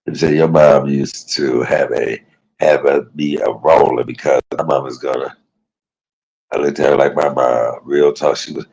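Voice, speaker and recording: A man's voice: rumbling low, fairly even intonation, normal speed, a little mellow, husky, low-quality recording. A man livestreaming from a private hospital room, talking in a rambling, heartfelt way and often turning to his viewers directly. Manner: rambling, heartfelt, keeps addressing viewers as y'all. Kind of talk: casual emotional livestream chat.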